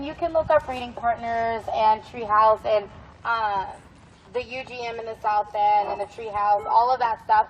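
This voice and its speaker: A woman's voice: a little high, slight background noise, rough recording. Earnest woman rallying a crowd outdoors. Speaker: protest organizer. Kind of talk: addressing a crowd. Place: outdoors in a park.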